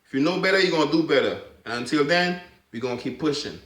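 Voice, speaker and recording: Man, advocate delivering a fervent monologue, bright edgy tone, echoey room. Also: on the high side, animated, brisk. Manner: fervent, repeats phrases, swings from loud to hushed. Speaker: sickle cell awareness advocate. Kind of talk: impassioned personal monologue.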